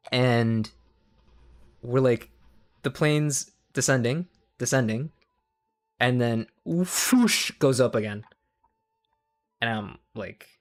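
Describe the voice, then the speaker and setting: A young man streaming casual political commentary, rambling, swearing freely and cutting himself off mid-sentence. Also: mid-range voice. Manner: profane, rambling, self-interrupting.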